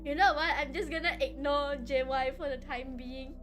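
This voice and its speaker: A young woman from Malaysia chatting casually on a live stream, excitable and often breaking into laughter. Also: sits high, normal speed, hardly any pauses, music in the background.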